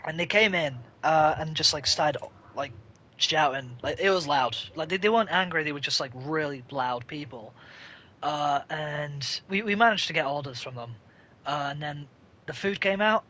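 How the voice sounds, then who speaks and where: A man's voice: a little high, bright, forceful tone, a little hiss or hum. A young man in casual chat, telling rambling shop stories with swearing and laughter. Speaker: podcast co-host.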